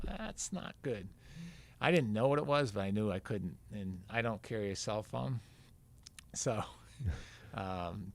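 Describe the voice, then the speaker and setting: Older male guest, low gravelly voice, rambling anecdotal storyteller. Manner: rambling, acts out quoted dialogue. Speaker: podcast guest, veteran marathon runner.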